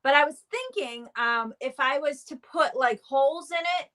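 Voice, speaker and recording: A woman's voice: high-pitched, moderate pace. Boston-accented woman, laid-back. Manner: relaxed, hesitant, trailing off. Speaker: guest. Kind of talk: casual chat.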